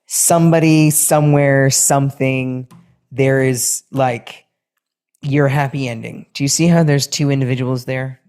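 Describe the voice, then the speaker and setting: A man giving a casual astrology and tarot reading, animated and sing-songy, swearing now and then. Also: medium pitch, a little slow, smooth. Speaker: tarot reader.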